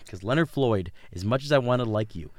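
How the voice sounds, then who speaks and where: A young man co-hosting a podcast, chatting casually and excitedly about football, laughing often and trailing off mid-sentence. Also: mid-range voice, a little fast, no echo. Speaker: podcast co-host. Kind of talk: casual sports chat.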